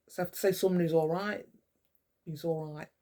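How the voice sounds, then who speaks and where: A woman's voice: on the low side, steady tone, a little fast, mellow. A woman, talking to the camera in a blunt, rambling monologue full of swearing. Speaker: vlogger. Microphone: camera mic.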